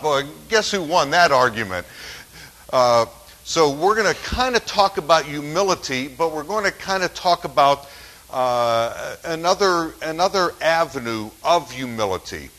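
Lively-pitched man preaching a sermon. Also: measured pace, low-quality recording. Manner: conversational preaching with frequent restarts and fillers. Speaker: pastor. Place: church.

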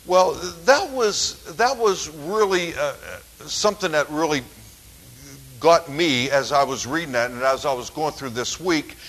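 Lively-pitched man preaching a sermon. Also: measured pace, low-quality recording. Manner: conversational preaching with frequent restarts and fillers. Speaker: pastor. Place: church.

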